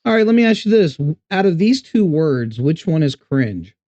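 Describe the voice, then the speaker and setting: A man's voice: a little high, very animated, normal speed, warm tone, no room sound, muffled recording. A man hosting an interview, asking loose, playful questions. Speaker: interview host.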